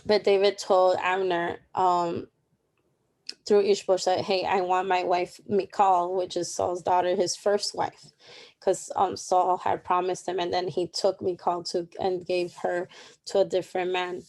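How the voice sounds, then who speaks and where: A young woman presents a Bible reading plan, casually talking through the day's reading in an informal, chatty way with many asides. Her lowish voice is a little mellow, with little pitch movement and a measured pace.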